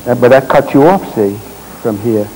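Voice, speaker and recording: A man leading a live therapy demonstration on a stage, giving gentle, directive instructions in short commands and explaining to the audience as he works. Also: medium pitch, normal speed, slight background noise, rough recording. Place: stage at a congress.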